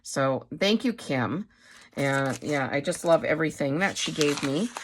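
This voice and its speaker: A woman's voice: deep voice, animated, measured pace, a little hiss or hum. A middle-aged woman casually showing craft supplies, chatty and rambling, with many fillers and self-corrections. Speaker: craft vlogger. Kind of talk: casual show-and-tell chat.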